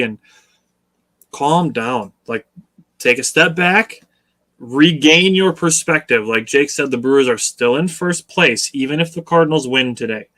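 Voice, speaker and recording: A man with a bright, slightly tense voice co-hosts a casual sports talk show. He explains things in a measured, patient way and nudges his listeners toward a level-headed view. His delivery stays conversational. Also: medium pitch. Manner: measured, explanatory, coaching listeners to stay even keel. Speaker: podcast co-host.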